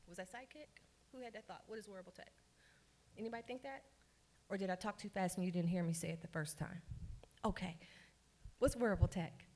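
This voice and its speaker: A woman from Baltimore leading a lively, interactive workshop in a conference room, urging the audience to cheer and answer. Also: medium pitch, quick pace, long pauses. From Baltimore, Maryland. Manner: lively, hypes the audience with calls for applause. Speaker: workshop speaker. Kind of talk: energetic interactive workshop talk.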